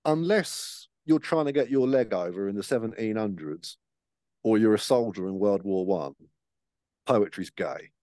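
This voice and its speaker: A man's voice: fairly low pitch, lively intonation, moderate pace, dark tone, dry recording, studio quality. A man chatting casually on a podcast, swearing freely and acting out the voices in his stories. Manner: sweary, storytelling with acted-out voices. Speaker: podcast co-host. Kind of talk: casual chat.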